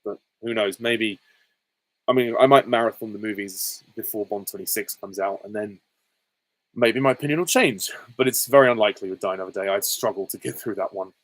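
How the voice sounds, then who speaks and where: Low-voiced man chatting with viewers. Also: brisk, rough recording. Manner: chatty, reads questions aloud then answers candidly. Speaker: host of a live Q&A stream. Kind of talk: casual chat answering viewer questions.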